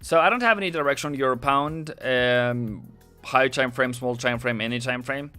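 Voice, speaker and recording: A man's voice: medium pitch, normal speed, bright, forceful tone, no room sound, soft background music. A man with a Norwegian accent, a native Norwegian speaker, hosting a casual trading live stream, joking and chatting with viewers. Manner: joking, chatty, reads chat aloud.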